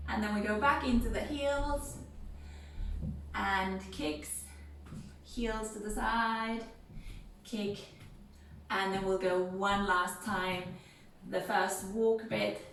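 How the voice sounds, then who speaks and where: A woman instructor leading a gentle seated music and movement class, counting beats and chanting rhythm syllables. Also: mid-range voice, far from the mic, a little hiss or hum. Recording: very echoey room, voice from off-mic, faint music.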